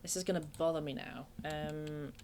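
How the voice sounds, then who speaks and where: A woman's voice: low voice, steady tone, moderate pace, noisy background. A woman from England chatting casually and getting sidetracked while streaming a video game from her bedroom. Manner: chatty, self-deprecating, easily distracted. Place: home bedroom.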